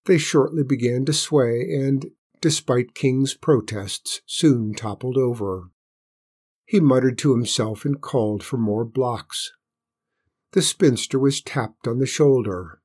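Husky-voiced male storyteller. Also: mid-range voice, darkish tone. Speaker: narrator. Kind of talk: storybook narration.

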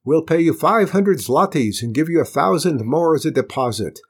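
An excitable village man , voiced by a male storyteller, pushes his lines out loud and high, full of enthusiasm. His voice is a little husky and swings widely in pitch. It is lively storybook reading. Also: moderate pace. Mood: eager.

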